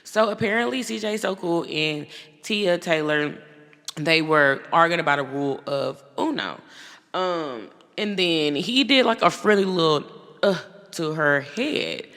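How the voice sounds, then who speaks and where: A woman hosting a podcast, giving blunt, profane, animated commentary in a casual way. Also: lowish voice, unhurried, big-room sound. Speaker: podcast host.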